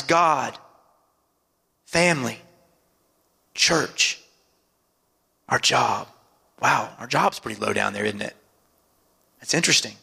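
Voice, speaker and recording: A man preaching a sermon as pastor, calling out to the congregation for amens and dropping his voice low for emphasis. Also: lively intonation, slow pace, gravelly, pauses often, pushed and bright, slightly rough, in a large hall. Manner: preaching with call-and-response asides and dramatic drops in pitch.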